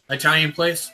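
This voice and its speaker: A man's voice: fairly high pitch, bright, forceful tone. A man hosting a casual livestream chat, loose and profane, talking to viewers by name. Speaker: show host.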